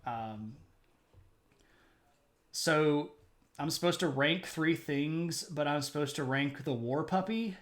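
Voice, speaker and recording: A man's voice: lively intonation, slow pace, long pauses, fairly bright tone. A man hosting a history live stream, chatting casually with many fillers and laughs. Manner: high sing-song voice talking to his puppy. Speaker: livestream history show host. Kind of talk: casual livestream chat.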